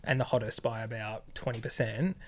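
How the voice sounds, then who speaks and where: A man's voice: medium pitch, fairly even intonation, a little fast. A man co-hosting a podcast in casual chat, with camp, sassy banter. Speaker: podcast co-host.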